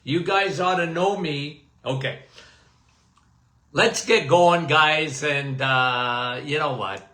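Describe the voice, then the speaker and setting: Male host, bright slightly high voice, chatty live-stream greeter, roomy tablet-mic sound. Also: takes it slowly. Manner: greets viewers by name, chatty. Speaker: host of a health livestream and podcast. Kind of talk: casual livestream chat.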